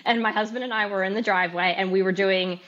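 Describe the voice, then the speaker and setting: A woman in her thirties, a podcast guest, candidly recounting her story in an interview, animated and laughing at times. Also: medium pitch, quick pace. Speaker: podcast guest, amateur boxer. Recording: slightly dull, lo-fi sound.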